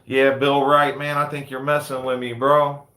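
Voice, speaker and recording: A man's voice: medium pitch, little pitch movement, moderate pace, pushed and bright, echoey room. A man in his thirties hosting a casual live chat indoors, laid-back and peppering his talk with "man" and "you know what I mean.". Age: 30s. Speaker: livestream host and dog breeder. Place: indoors under big lights.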